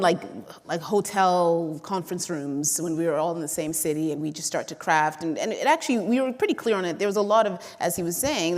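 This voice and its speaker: A woman on a live panel, chatting in an animated way with frequent laughs. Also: fairly low pitch. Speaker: panelist, series co-creator. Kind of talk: casual panel talk. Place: large hall. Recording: live hall with long reverb.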